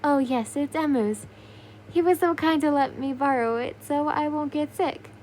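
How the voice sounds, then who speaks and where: Woman doing a chirpy friendly high school girl, kinda high voice. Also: moderate pace, darkish tone, slight background noise, close to an everyday voice. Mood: cheerful. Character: cheerful teenage schoolgirl, the listener.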